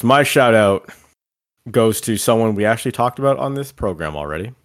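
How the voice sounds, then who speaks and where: A man co-hosting a podcast, chatting casually and enthusiastically, rambling a little and swearing freely. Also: fairly low pitch. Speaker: podcast co-host. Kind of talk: casual chat.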